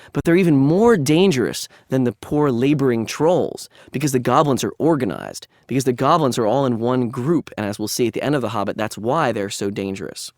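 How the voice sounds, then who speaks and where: A man's voice: medium pitch, a little mellow, no echo, clean studio sound. A man lecturing on literature in a conversational, analytical way, with frequent asides. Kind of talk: academic lecture.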